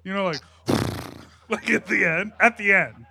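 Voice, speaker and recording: A man's voice: high voice, fairly quick, sharp tone, low-quality recording. A man co-hosting a live podcast show, giggling often as he banters into a handheld mic. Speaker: co-host. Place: live show at a poolside venue. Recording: live recording with clear background noise.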